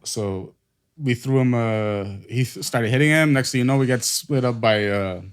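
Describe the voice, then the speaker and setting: Podcast host, man, swears freely while spinning a story, middle pitch. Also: normal speed, smooth. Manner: profane, animated storyteller. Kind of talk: casual storytelling chat.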